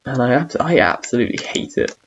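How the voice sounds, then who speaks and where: A man's voice: medium pitch, animated, a little fast, muffled recording, a little hiss or hum. A young man chatting casually while gaming, rambling and self-mocking about his own awkwardness, humming and singing between lines. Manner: hums and sings between talk. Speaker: gamer streamer.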